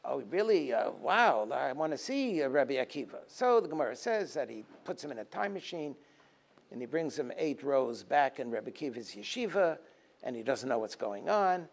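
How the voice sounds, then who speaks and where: A male rabbi and lecturer gives a Tisha B'Av teaching talk at a moderate pace in a creaky voice. He tells stories and acts out their dialogue in a lively voice, sometimes building to forceful emphasis before dropping low.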